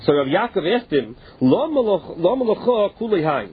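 A man with a high, slightly husky voice works through a Talmud passage. He reads each phrase of Aramaic and then explains it plainly in English. The sound is thin and band-limited, like a phone line. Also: big pitch swings, moderate pace, hardly any pauses. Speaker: Talmud teacher.

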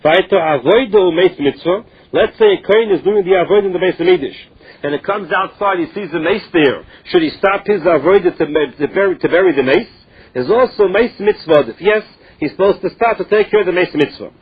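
A man's voice: high voice, a little fast, husky. A man teaching a Talmud lesson, reading each phrase and then explaining it in plain English. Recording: tinny phone-line recording.

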